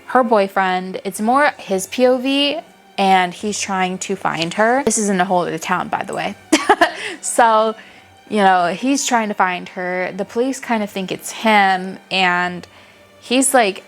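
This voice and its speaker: A young woman reviewing books in a casual, animated chat, gushing and swearing freely. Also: mid-range voice, unhurried, faint music behind. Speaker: book reviewer.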